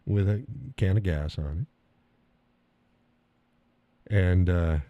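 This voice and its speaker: A man's voice: low-pitched, takes it slowly, no room sound, phone-quality sound. A middle-aged man hosting a live stream, talking casually in a blunt, profane way and laughing often. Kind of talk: casual opinionated monologue.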